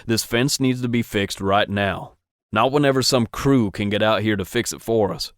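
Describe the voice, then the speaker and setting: A stern ranch boss barks curt, bossy orders, voiced by a man. His voice sits fairly low. The sound is dry and close. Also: moderate pace, a bit bright, no echo, close to an everyday voice.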